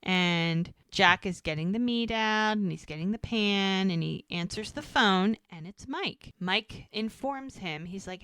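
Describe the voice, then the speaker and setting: A woman's voice: mid-range voice, lively intonation, unhurried, few pauses, fairly bright tone, clean tone, dry recording. A woman co-hosting a podcast, casually recapping episodes and acting out the characters' lines as she goes. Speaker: podcast co-host.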